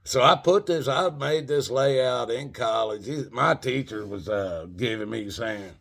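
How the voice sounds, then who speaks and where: A man's voice: medium pitch, expressive, moderate pace, creaky, few pauses, a bit bright. A middle-aged man casually telling a rambling, profane story and calling his listeners folks. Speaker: channel host telling a story.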